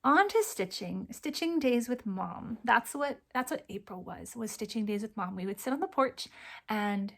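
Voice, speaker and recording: A woman hosting her cross stitch channel, talking softly and from the heart, close to tears and often dropping to a near whisper. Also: fairly high pitch, animated, normal speed, vocal fry. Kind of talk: casual chat to camera.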